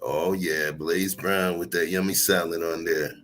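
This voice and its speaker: A man hosting a livestream, chatting casually and greeting his viewers by name in a relaxed way. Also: sits low, measured pace. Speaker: livestream host. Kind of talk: casual chat.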